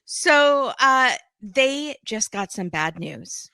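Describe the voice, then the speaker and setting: Lively woman guest recapping a show. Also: fairly high pitch, creaky, smooth, dry recording. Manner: lively, recaps with quick laughs. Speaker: podcast guest. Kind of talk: casual chat.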